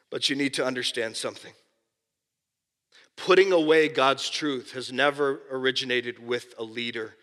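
A man preaching a sermon with passion, swinging between loud emphasis and hushed asides. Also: high-pitched. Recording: long hall reverb.

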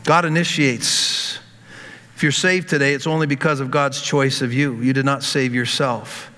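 A man's voice: mid-range voice, fairly even intonation, moderate pace, bright, forceful tone. A male pastor preaching a sermon with emphatic repetition, speaking to the congregation as folks. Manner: emphatic, repeats words, addresses congregation as folks. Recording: long hall reverb.

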